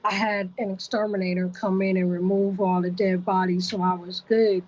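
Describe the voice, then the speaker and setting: A woman's voice: mid-range voice, flat delivery, moderate pace, a little mellow, lo-fi sound. A woman vlogger telling a personal story to the camera, vivid and repetitive in her retelling.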